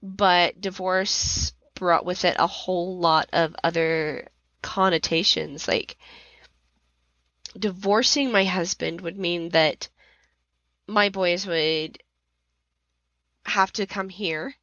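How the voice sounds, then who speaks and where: A middle-aged podcaster relives her anger while recounting a personal story, her emotion building into raised, near-shouted outbursts. She speaks slowly with long pauses, in a fairly low voice with a steady tone. The lo-fi recording has no echo.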